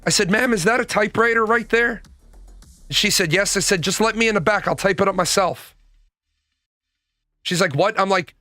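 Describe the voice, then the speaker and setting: A man's voice: sits high, normal speed, pushed and bright, dry recording, studio quality. A young man telling a personal story as a rant, swearing and exasperated. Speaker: host.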